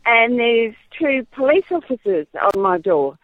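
A woman's voice: fairly high pitch, very animated, a little slow, dry recording. A woman telling a wry story as a caller on a radio show. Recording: tinny phone line.

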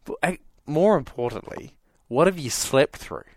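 A woman with a low voice bantering on a radio show, dry and teasing. Her pitch swings widely as she jokes. The sound is close and dry. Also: animated, moderate pace, darkish tone, dry recording. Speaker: radio co-host.

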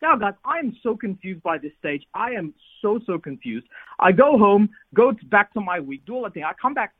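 A man in his thirties, a pastor telling a personal story as a radio guest over the phone, lively with repeated emphasis. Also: high-pitched, a little fast. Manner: lively, repetitive emphasis, builds to exhortation. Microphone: phone call. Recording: tinny phone line, husky.

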